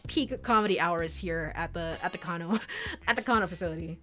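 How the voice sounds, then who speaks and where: A woman's voice: lowish voice, fairly quick, faint music behind. A woman streamer narrating a story game and reacting between lines with giggles. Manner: giggly, animated, reads text then reacts. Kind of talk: let's play narration and commentary.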